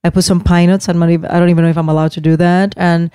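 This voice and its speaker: Exasperated woman in her fifties, low voice. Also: racing, clear, resonant tone, dry recording, studio quality. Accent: Puerto Rican Spanish. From Puerto Rico. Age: 50s. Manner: expressive, exasperated, self-deprecating. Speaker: podcast co-host. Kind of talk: casual chat.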